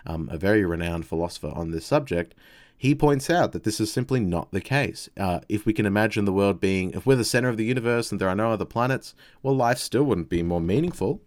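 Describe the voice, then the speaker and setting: A man's voice: fairly low pitch, animated, a little fast. An Australian man reading quoted passages and explaining philosophy in a thoughtful way, with hesitant asides.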